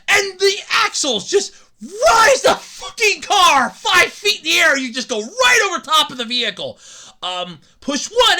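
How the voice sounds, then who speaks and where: A woman hosting a podcast, delivering an excitable, swearing, comedic rant with frequent laughs. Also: sits high. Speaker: podcast host. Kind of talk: ranting comedic podcast monologue.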